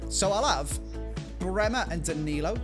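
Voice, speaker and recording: A man's voice: high voice, lively intonation, normal speed, music in the background. A young man playing a football video game with a friend, teasing him and mock-complaining. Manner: teasing, mock-indignant, shouts at the ref. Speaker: gaming YouTuber, guest. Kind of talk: gaming banter.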